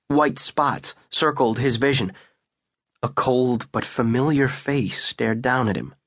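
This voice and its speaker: A male audiobook narrator reading a suspense novel in a measured, deliberate way. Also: medium pitch, a bit bright, husky, no room sound, studio quality. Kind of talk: scripted narration.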